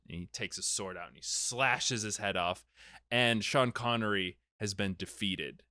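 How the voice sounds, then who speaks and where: Bright, crisp-voiced man recapping a film. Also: on the low side, a little slow, no echo, clean studio sound. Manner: animated, swearing, laughing. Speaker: podcast co-host recapping a film. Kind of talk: casual chat.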